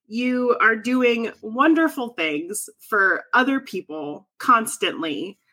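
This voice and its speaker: A woman co-hosts a podcast in easy, casual chat, gushing and swearing freely as she laughs. Her voice is bright and lively, rising and falling a lot, and she takes her time over the words. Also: a little high, slow, breathy edge. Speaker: podcast co-host.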